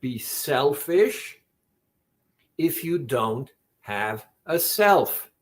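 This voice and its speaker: A man talking as a weight-loss coach, slowly and deliberately retelling a conversation with a client. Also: fairly high pitch, sing-song. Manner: slow, deliberate, retells conversations with quoted dialogue. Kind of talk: reflective monologue.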